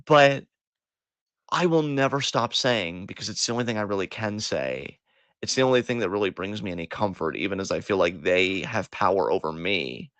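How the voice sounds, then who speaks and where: His voice sits low yet comes across a bit bright and expressive, at a normal speed. As co-host he delivers a fiery, profane tirade with self-deprecating turns. The recording is dry.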